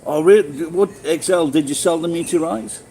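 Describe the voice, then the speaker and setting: A man's voice: on the high side, normal speed, dark tone, a little hiss or hum, poor audio. A middle-aged man with a Sheffield accent, live-streaming and chatting casually with viewers in a rambling, swearing way with many restarts. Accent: Sheffield English. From England.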